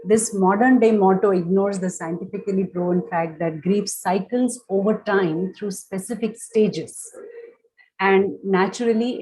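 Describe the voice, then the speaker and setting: A woman speaks in a lowish, mellow voice as she leads a reflective workshop talk. She is gentle and measured and works through each idea step by step. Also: husky, rough recording. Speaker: workshop speaker on grief and loss.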